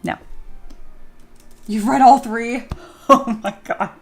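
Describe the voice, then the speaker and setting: A woman streamer chatting casually during a livestream and reading viewer comments aloud, animated and full of filler words, often giggling. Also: a little high, slow pace, gravelly, slightly rough, faint music behind. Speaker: streamer and miniature sculptor.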